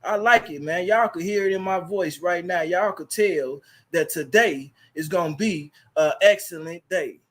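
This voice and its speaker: A Chicago man hosts his livestream through a laptop mic, talking casually but preachily and repeating his phrases. His voice is high-pitched, at normal speed with few pauses.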